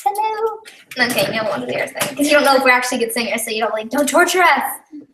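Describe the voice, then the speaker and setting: A woman's voice: sits high, animated, fast, background noise. A young woman chatting casually on a live stream, rambling and giggly with lots of fillers, recorded at home. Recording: echoey room, a bit far from the mic.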